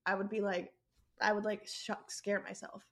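A woman's voice: mid-range voice, level tone, moderate pace, fairly bright tone. A woman from the American South hosting a podcast, giggly and chatty in casual conversation. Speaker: podcast host.

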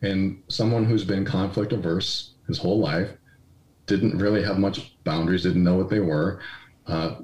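A man's voice: low-pitched, a little mellow. A man guest in an interview, telling personal stories candidly and with self-deprecation, acting out quoted dialogue as he goes. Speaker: podcast guest. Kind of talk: conversational storytelling. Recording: roomy echoey recording.

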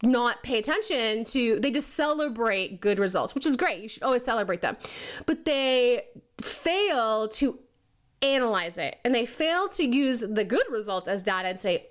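Chatty woman with a fairly high voice. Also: lively intonation, moderate pace. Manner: chatty, laughs often, puts on silly voices for people she mocks; says "okay?" and "right?" a lot. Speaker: leadership coach. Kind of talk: casual motivational talk.

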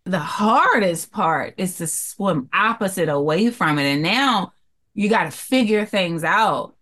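Young woman, podcast guest, earnest storyteller with an animated delivery. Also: on the low side, unhurried. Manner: earnest and expressive, acting out quoted voices. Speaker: podcast guest, jewelry entrepreneur. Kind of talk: candid interview storytelling.

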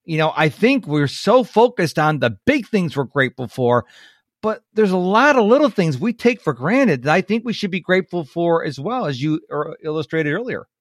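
A man hosting a podcast, telling family stories in a casual, animated way. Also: on the high side, normal speed, no room sound, clean studio sound. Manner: animated storyteller, quotes family members in lively voices. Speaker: podcast host.

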